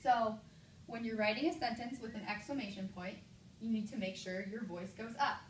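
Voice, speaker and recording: A woman teacher giving a classroom mini lesson, with clear, encouraging prompts and slow, exaggerated example sentences. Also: fairly high pitch, steady tone. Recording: echoey room from a distance, light noise.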